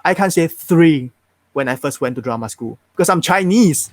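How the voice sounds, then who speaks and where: Guest role: young man, neutral Singaporean English accent, frank, lively chat with restarts, dry close mic. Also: a little high, moderate pace, dry recording. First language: Mandarin. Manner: frank, animated, many restarts. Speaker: guest actor. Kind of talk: casual interview chat.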